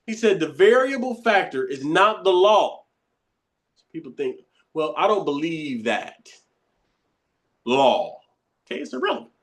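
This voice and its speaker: A man's voice: a little high, big pitch swings, measured pace, long pauses. A man teaching a lesson, reading passages aloud and explaining them in an emphatic, conversational way. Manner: emphatic and conversational, repeats points, laughs.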